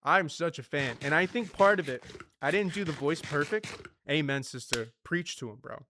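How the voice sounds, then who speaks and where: A man streaming a survival game, chatting casually in an animated, rambling, slangy way. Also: fairly high pitch, moderate pace, background noise. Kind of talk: casual gaming commentary.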